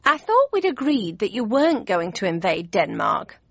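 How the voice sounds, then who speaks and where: A woman voicing a kindly, fussy older mother with a high, fluttery manner in an audiobook. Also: huge pitch swings, moderate pace, vocal fry, fairly bright tone, no echo, heavily acted. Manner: high, fluttery, cheerful fussing. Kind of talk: audiobook character voice. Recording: dry, slightly dull studio read.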